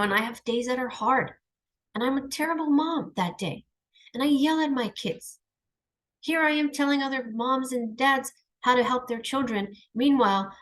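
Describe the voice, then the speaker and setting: A woman's voice: medium pitch, fairly bright tone. A middle-aged woman speaking in a heartfelt personal monologue, earnest and emphatic, reflecting on her own struggles. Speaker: channel host.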